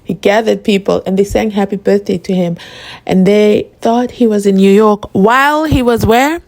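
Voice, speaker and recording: Woman, vlog host, gravelly, animated questioning. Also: medium pitch, normal speed. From South Africa. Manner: animated, rhetorical questions, laughs often. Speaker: channel host. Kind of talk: casual commentary vlog.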